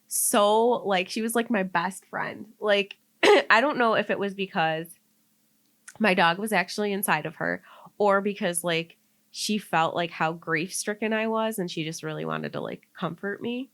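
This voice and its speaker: Speaking a little slowly in a fairly bright, medium-pitched voice, a young podcast co-host tells a personal story in a loose, rambling way. "Like" peppers her speech, and she both laughs and tears up.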